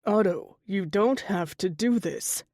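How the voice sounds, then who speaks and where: A woman voicing a male panther shifter who speaks gently and steadily in an audiobook. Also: mid-range voice, expressive, no room sound, clean studio sound. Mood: gentle. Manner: gentle, measured.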